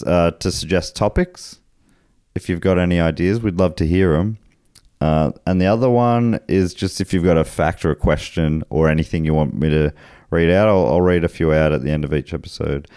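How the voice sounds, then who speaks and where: A man with an Australian accent hosts a podcast, speaking in a low, slightly mellow, clean voice at a moderate pace. Easygoing and casual, he laughs often as he reads out listener messages. The recording is clean studio sound with no room sound.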